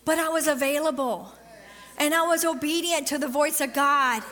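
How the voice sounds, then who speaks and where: Woman preacher, middle-aged, high bright voice, lively testimony style, long church reverb. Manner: animated storytelling, quick bursts and drawn-out emphasis. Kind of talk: sermon with personal testimony.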